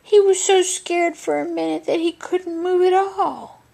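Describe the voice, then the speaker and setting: A woman reads a classic picture book aloud in a soft, hushed bedtime voice that often slips into a whisper. She takes it slowly, lingering over each phrase. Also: very high-pitched, steady tone, creaky. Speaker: storyteller. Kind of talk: bedtime storybook reading aloud.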